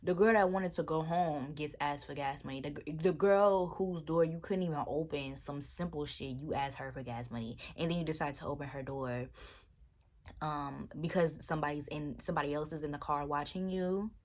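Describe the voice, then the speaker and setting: A young woman vlogger, telling an animated, exasperated storytime in casual chat. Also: low-pitched, moderate pace.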